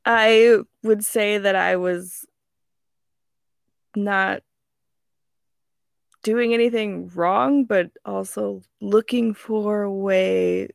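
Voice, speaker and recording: A woman's voice: medium pitch, steady tone, very slow, creaky, pauses often, no echo, studio quality. A woman in her twenties on a podcast, telling a rambling story with lots of giggles. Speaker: podcast co-host. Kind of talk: casual storytelling chat.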